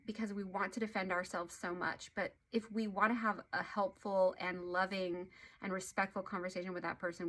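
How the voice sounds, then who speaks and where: A woman relationship therapist speaks to camera in an earnest, explanatory way. Her pitch sits in the middle range. She stresses key points with animated emphasis. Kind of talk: educational talk to camera.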